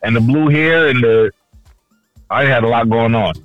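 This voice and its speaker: A man co-hosting a casual podcast chat, telling stories loudly with lots of swearing and acted-out quotes. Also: medium pitch, moderate pace, dry recording, lo-fi sound, soft background music. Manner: animated storyteller, loud and swearing, acts out quotes. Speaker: podcast co-host.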